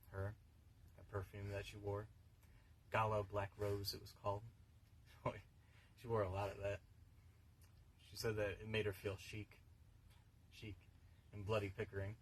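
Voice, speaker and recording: A man's voice: on the low side, slight background noise, low-quality recording. An older man, rambling wryly to a stranger on a bus in a dry comic monologue. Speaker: bus passenger.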